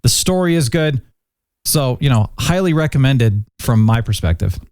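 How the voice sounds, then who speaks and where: A man hosting a casual review chat, upbeat and jokey, his pitch swinging up and down a lot. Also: lively intonation, moderate pace, a little mellow, no room sound, clean studio sound. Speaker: podcast host.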